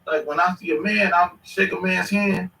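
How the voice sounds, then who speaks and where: A man in his thirties telling stories in casual chat, animated and swearing freely. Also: high-pitched, normal speed, vocal fry, recorded from a distance, slight background noise. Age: 30s. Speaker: podcast host. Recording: echoey room, away from the mic.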